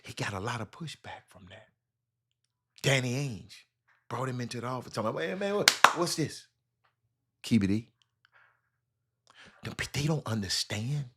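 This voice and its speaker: A man's voice: mid-range voice, normal speed, pauses often, slightly rough. A man hosting a live sports talk show with a Southern US accent, speaking animatedly and calling out chat viewers by name.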